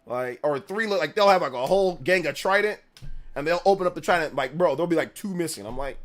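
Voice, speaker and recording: A man talks casually on a gaming livestream, rambling through stories and peppering them with slang. His voice sits a bit on the high side, and he turns loud and animated when a story heats up. Soft music plays quietly underneath. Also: quick pace. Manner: rambling storyteller, slangy, says "bro" and "like" often. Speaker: gaming news streamer.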